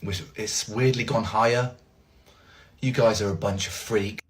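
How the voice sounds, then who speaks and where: A man's voice: fairly low pitch, fairly even intonation, measured pace. A man talking casually to viewers in a wry, self-mocking way, swearing freely. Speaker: streamer in a played clip.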